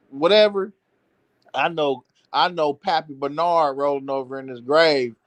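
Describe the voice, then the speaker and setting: A man co-hosting a livestream, talking in a loud, animated, mocking way and laughing often. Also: fairly high pitch, no echo. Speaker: co-host. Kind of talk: livestream banter.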